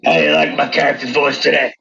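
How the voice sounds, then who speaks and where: Man putting on a boisterous Aussie bloke, Australian accent, gravelly, slow, lively pitch. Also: background noise. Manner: loud, drawn-out hearty greeting. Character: boisterous Aussie bloke greeting his mates. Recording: dull lo-fi sound.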